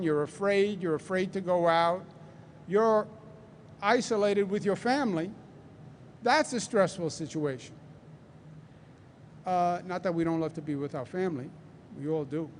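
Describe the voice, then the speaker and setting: A middle-aged man from New York with a Queens accent, giving a deliberate, emphatic press briefing and repeating his points. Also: high-pitched, slight background noise. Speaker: governor. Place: large convention center hall.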